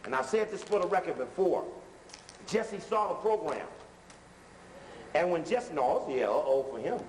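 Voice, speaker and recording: A man giving a lecture while commenting on video playback, animated and conversational, using street-talk grammar. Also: a little high, normal speed. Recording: reverberant hall with faint noise.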